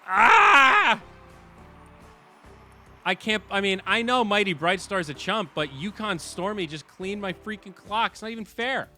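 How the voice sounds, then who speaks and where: A man hosting a game stream, chatting casually and excitably, swearing and laughing at his losses. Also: high voice, moderate pace, few pauses, faint music behind. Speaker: stream host and commentator.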